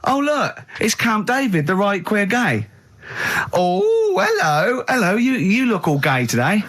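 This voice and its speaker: A man putting on shrill, silly high-voiced male sketch characters in a squealing falsetto. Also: very animated, measured pace, fairly bright tone, exaggerated voice.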